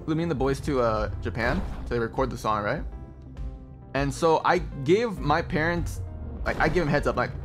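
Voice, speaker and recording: A man's voice: mid-range voice, normal speed, music in the background. A man streaming a game and chatting casually, telling stories animatedly, laughing often and calling people bro. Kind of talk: casual gaming stream chat.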